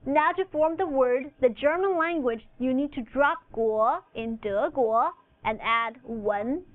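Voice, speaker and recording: Woman teacher, chinese native, slow careful lesson voice, dry tinny sound. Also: high-pitched, no echo. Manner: slow, deliberate, carefully enunciated instruction. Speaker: language teacher. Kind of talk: recorded language lesson. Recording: phone-like narrow audio, dry.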